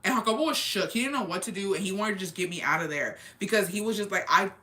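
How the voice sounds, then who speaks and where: A young woman casually and candidly retelling a family story, animated, with lots of "like" and quoted dialogue. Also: medium pitch, fast. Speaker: storyteller on a chat show. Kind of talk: casual chat.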